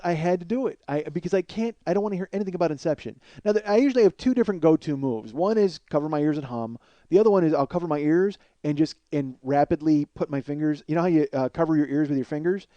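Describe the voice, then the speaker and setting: A man's voice: a little high, expressive, fast, dark tone, dry recording, highs cut off. A middle-aged man hosting a podcast, telling a long comic story in a rambling, profane, self-mocking way. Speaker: podcast host. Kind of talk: comedic storytelling monologue.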